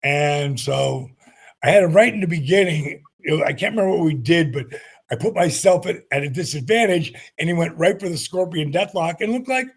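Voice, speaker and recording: A man in his sixties, a retired wrestler being interviewed, telling animated stories. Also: fairly high pitch, fairly quick, gravelly, slightly rough. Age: 60s. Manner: animated anecdotes, acts out quotes. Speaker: guest, retired pro wrestler. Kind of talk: storytelling interview.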